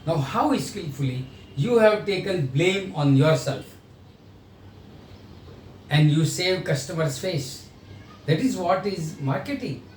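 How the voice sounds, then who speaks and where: A man delivers a sales training lecture, explaining points and acting out sales dialogues. His slightly high voice is animated but slow, with frequent pauses, heard from a distance in an echoey room with faint noise.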